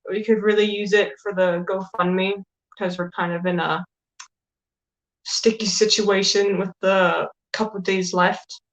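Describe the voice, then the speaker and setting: Female co-host, playful and teasing, average pitch, casual chat. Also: steady tone, unhurried, poor audio. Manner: teasing, joking. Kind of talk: casual movie review chat.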